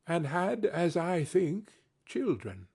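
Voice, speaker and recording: A man voicing a calm, grave spirit who speaks quietly and deliberately in a storybook reading. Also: on the high side, slightly rough, voice pushed up, exaggerated voice. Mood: solemn. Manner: quiet, measured.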